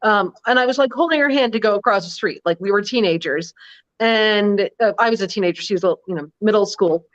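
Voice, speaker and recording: A woman from Massachusetts in a casual chat, chatty and quick with short affirming interjections. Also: mid-range voice. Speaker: live chat panelist. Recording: slightly dull lo-fi audio.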